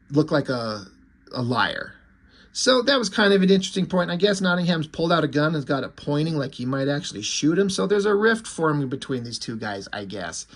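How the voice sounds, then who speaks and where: A man casually recapping a comic book issue, rambling with fillers and swearing freely. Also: a little high. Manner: rambling and profane, lots of fillers.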